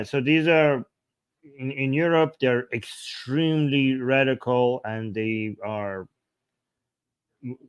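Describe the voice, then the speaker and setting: A man co-host explains politics in an offhand, conversational way. His voice is mid-pitched, and he stumbles and restarts as he goes. The recording is close and dry. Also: no echo. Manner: hesitant restarts, informal explaining. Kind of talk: casual political chat.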